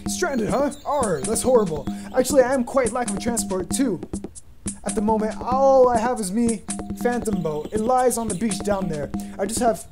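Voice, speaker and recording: A man's voice: high voice, lively intonation, moderate pace, music in the background. A man voicing a boastful male pirate from a video game, reading the lines aloud with a growly "har har" delivery. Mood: theatrical. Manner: growly "har har" pirate talk, sing-song.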